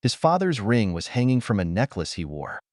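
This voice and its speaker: A man narrates an audiobook in a steady storytelling way. His low voice moves freely up and down in pitch. The recording is dry, with no room sound. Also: normal speed, dry recording.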